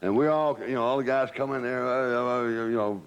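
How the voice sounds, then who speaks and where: A man's voice: mid-range voice, a little fast, clear, resonant tone, lo-fi sound. Older man telling stories. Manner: animated storyteller who acts out quotes. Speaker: interviewee, former entourage member. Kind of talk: storytelling reminiscence.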